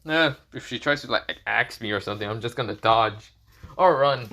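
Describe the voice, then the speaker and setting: Guy doing a chill cocky young dude who swears a lot, bright voice, read like a fan story. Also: medium pitch, moderate pace. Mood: laid-back. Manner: laid-back, cocky, swears casually. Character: laid-back young man, cocky and crude.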